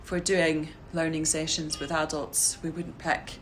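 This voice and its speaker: A woman's voice: low voice, level tone, a little slow, a little hiss or hum. A woman with a Scottish accent in a casual group reflection, chatty and full of "you know". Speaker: community learning worker.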